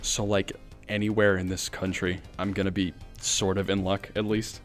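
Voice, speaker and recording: Low-voiced excitable gaming commentator man. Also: moderate pace, soft background music. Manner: excitable, jokey, voice jumps up high when baffled. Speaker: gaming YouTuber. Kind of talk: playful gameplay commentary.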